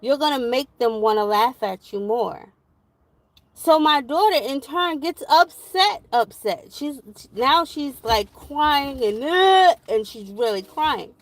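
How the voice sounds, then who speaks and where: A young woman, telling a parenting story in a rambling, animated vlog with many fillers. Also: sits high, slow pace, no room sound, rough recording. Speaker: parent vlogger.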